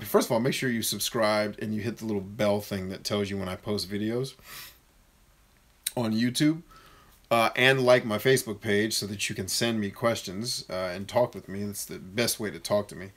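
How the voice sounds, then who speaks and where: A man coaching viewers in a casual live-stream Q&A, reading their comments aloud and answering bluntly with jokes. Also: fairly bright tone. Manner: mocks shrill voices in quick bursts.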